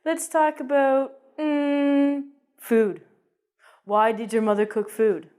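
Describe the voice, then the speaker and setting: A woman teaching an English lesson in a playful, animated way. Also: high voice, slow pace. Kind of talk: video lesson.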